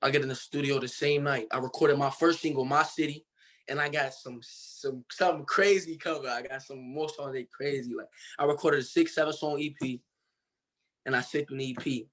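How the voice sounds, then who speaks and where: A man's voice: medium pitch, steady tone, brisk, a bit bright. A young man from Cincinnati, Ohio, telling his story as a guest in a casual interview, in a loose, slangy way full of fillers. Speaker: guest artist.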